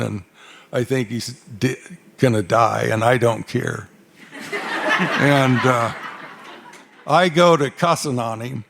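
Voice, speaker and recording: Slight background noise accompanies this older cowboy storyteller from Arizona, whose mid-range voice is gravelly. Performing onstage for a live crowd, he spins his tales in a dry-humored, folksy drawl.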